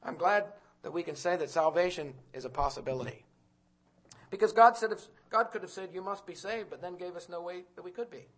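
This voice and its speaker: Fervent preacher man, loud then hushed. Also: sits high, brisk. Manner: swings from loud urgent calls to quiet hushed telling; repeats words and restarts while storytelling. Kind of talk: sermon.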